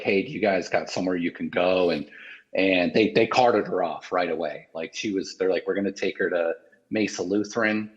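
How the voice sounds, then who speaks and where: A man in an interview, telling a painful personal story in a halting, emotional way with many restarts. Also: deep voice, husky, highs cut off.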